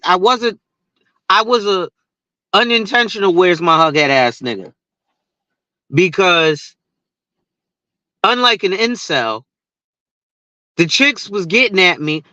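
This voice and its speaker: High, bright-voiced man ranting profanely. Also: animated, takes it slowly, pauses often, no room sound, muffled recording. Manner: profane, rambling, laughs at his own stories. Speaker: insurance agent and social media host. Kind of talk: casual rant to camera.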